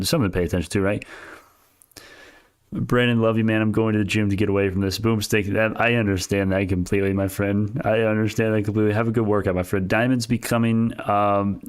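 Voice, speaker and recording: Young male streamer, low voice, argumentative live-chat commentary, quick laughs. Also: clear, resonant tone. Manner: animated, argumentative, laughs often, reads chat aloud. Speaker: stock market streamer.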